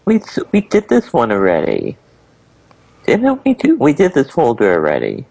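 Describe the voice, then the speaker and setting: A man co-hosting a comedy podcast, deadpan and mocking in crude bickering banter. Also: mid-range voice, normal speed, gravelly, a little hiss or hum. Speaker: podcast co-host.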